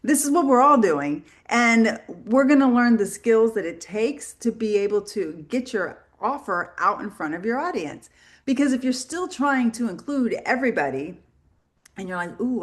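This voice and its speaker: Animated, chatty woman sales trainer. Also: fairly high pitch. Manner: animated storyteller, acts out quoted dialogue; chatty, many "like" fillers. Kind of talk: live online sales training talk.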